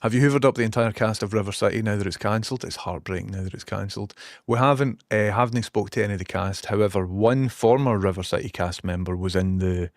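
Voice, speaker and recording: A man's voice: on the low side, quick pace, no room sound, clean studio sound. A Scottish man streaming from a small basement room, rambling casually, swearing now and then and reading out viewer messages. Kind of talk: casual live-stream chat.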